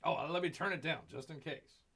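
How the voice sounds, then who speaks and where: A man hosting a casual livestream, rambling and talking about himself in the third person, his voice swinging from loud to a near-mumble. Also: fairly high pitch, brisk, vocal fry. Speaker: livestream host. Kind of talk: casual live-stream chat.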